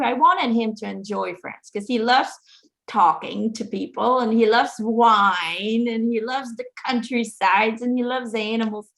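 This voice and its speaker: A woman's voice: a little high, a little slow, gravelly, fairly bright tone. A middle-aged woman hosting a casual, heartfelt chat, telling her story in an earnest, reflective way. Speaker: host.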